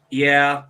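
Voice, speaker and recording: A man's voice: fairly high pitch, bright, forceful tone. A man hosting a casual stream, ranting sarcastically and swearing freely. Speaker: streamer host.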